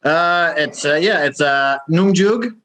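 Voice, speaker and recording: A man doing a deadpan, halting correspondent bit in an improvised comedy segment, talking over a remote call. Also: on the high side.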